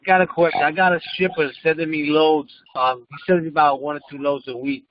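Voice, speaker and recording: A man's voice: on the high side, steady tone, a little fast, dull audio. A man from New York with a New York accent calls in with a question, a bit hesitant and unsure. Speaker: caller. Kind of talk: casual call-in question.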